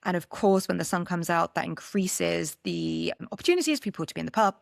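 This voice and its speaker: A woman's voice: fairly low pitch, lively intonation, brisk, gravelly, no room sound, clean studio sound. A woman from Britain co-hosting a casual podcast, explaining her points in a chatty, emphatic way. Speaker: podcast co-host.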